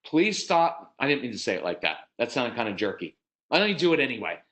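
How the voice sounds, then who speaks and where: American man, middle-aged, parenting workshop speaker; direct, matter-of-fact, animated with acted voices. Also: medium pitch, poor audio. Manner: animated, acts out parents and kids in quick voices. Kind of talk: live parenting workshop talk.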